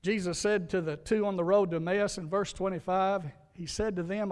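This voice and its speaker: High-voiced preacher in a reverberant hall. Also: male voice, fairly even intonation, moderate pace, few pauses, clear, resonant tone. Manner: folksy storytelling, emphatic repetition. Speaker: pastor. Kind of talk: sermon.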